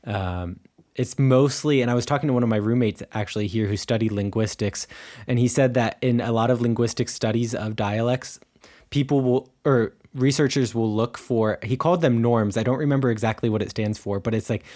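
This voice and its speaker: A man's voice: mid-range voice, a little fast, a little mellow. A young American man co-hosting a podcast, chatting casually with many fillers and restarts. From United States. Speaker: podcast co-host. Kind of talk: casual chat.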